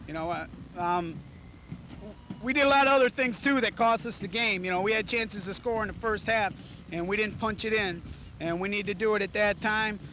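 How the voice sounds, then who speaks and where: A man coaching high school football, giving an emotional, frustrated postgame interview on the field. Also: normal speed, sharp tone, slight background noise, rough recording.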